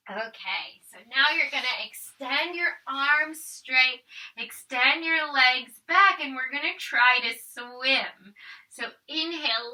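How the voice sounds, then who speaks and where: Bright-voiced woman leading a yoga class. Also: high voice, slow pace, far from the mic, low-quality recording. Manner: calm step-by-step guiding, counting breaths, switching between English and Spanish. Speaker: yoga instructor. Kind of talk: guided family yoga class.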